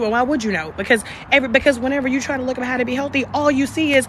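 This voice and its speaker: A woman's voice: sits high, very fast, hardly any pauses, a little hiss or hum. A young woman hosting a live stream, talking candidly and passionately with plenty of profanity. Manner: candid and profane, emphatic, shifts between passion and softness. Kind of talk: casual live-stream talk.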